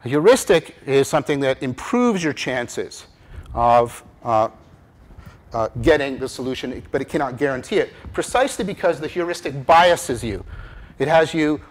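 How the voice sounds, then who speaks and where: A man giving a conference lecture on cognitive science, with animated emphasis, rhetorical repeated questions and frequent restarts. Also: medium pitch, moderate pace. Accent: Canadian English. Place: lecture room.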